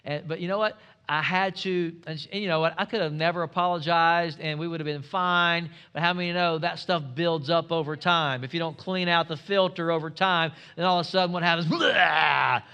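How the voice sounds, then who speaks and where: Bright, forceful preaching man. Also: fairly high pitch, fairly even intonation, brisk, smooth, dull audio. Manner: emphatic, rhetorical questions to the congregation. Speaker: pastor. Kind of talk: sermon.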